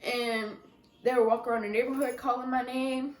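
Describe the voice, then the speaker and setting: Young woman, kinda high voice, soft and halting, emotional storytelling vlog, room echo. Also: fairly even intonation, a little hiss or hum. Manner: soft-spoken, emotional, halting with many restarts. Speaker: vlogger.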